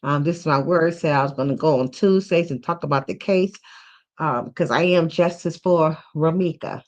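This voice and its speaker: Rambling woman livestreamer, low voice. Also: moderate pace. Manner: rambling, repeats itself, many fillers and "okay?". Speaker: livestream host. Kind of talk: casual livestream talk.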